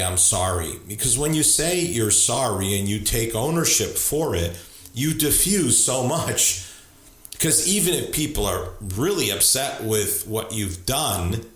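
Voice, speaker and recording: A man with a lowish voice gives an earnest, conversational talk on getting along with people. He often repeats words and restarts sentences as he goes. The room around him rings with a noticeable echo. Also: a bit bright. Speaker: speaker on leadership and relationships. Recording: roomy echo.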